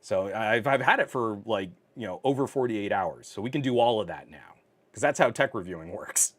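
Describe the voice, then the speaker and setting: Male tech streamer, slightly low voice, loose chatty delivery full of ums, reads chat and laughs. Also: lively intonation, moderate pace, fairly bright tone. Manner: chatty, reads viewer comments, laughs often, many fillers. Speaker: tech livestream host. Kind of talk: casual live-stream chat. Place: home office. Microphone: on camera.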